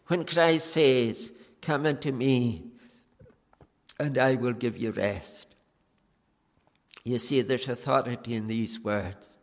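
A man preaching a sermon, earnest and pleading, with long pauses between phrases. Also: mid-range voice. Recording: long reverb of a church hall.

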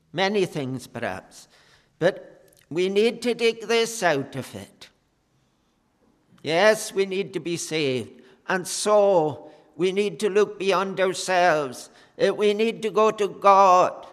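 A man preaching a sermon in an earnest, unhurried way, pausing often with fillers. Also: high-pitched, fairly bright tone, big-room sound. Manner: slow, earnest preaching with many pauses and fillers.

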